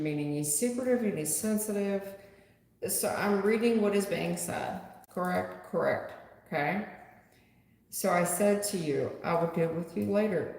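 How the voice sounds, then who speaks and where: A woman's voice: fairly low pitch, a little mellow. A woman tarot reader chatting bluntly with viewers on a live stream. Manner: blunt, chatty, talks straight to the chat. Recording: echoey room with long reverb.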